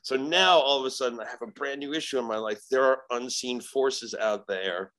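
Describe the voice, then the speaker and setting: A man telling a story as a podcast guest, animated and profane, acting out the voices in it. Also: medium pitch, moderate pace, rough recording. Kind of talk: casual storytelling.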